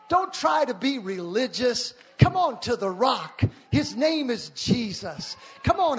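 High-voiced, husky preaching man. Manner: impassioned preaching, often shouting. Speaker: pastor. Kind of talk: sermon. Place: church.

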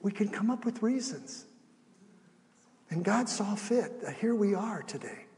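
High-voiced man preaching in a hall. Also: unhurried. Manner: animated preaching with acted asides, shifting between soft and loud. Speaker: pastor. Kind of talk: sermon. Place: church sanctuary.

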